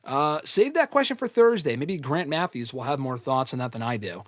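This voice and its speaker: A man's voice: medium pitch, expressive, normal speed, dry recording. Blunt, chatty man on a dry mic. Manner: loose, blunt, casual swearing, frequent "um" and "I mean". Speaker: host answering fan questions. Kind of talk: casual live Q&A chat.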